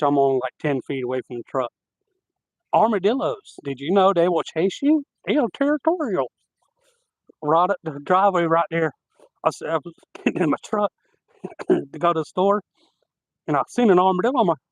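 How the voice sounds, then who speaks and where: A man streaming live from his yard at night, spinning loose, animated stories and laughing along. His voice sits a touch high. The sound is dry and close. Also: no room sound, low-quality recording. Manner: rambling, animated anecdotes with laughter. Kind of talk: casual outdoor storytelling.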